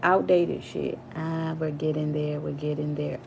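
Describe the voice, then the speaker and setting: A woman vlogger telling a casual storytime rant, animated and profane, her voice jumping high and loud when she gets worked up. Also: measured pace, creaky, hardly any pauses, a little hiss or hum, rough recording.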